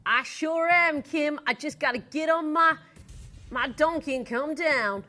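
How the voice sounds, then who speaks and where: A woman voicing a cheery, loud American cowgirl with a put-on cowboy drawl, hollering her lines in a studio. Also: sits high, a little slow, voice pushed up.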